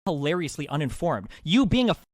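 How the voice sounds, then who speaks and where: A man in a heated online debate, talking fast and cutting in over his opponent. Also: on the high side, big pitch swings, no echo, clean studio sound. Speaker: debater, streamer.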